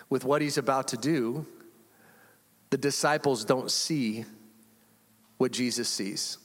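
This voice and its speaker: A man preaching a conversational, animated sermon as pastor in a church, acting out quotes and chuckling often. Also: medium pitch. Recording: long reverb of a large room.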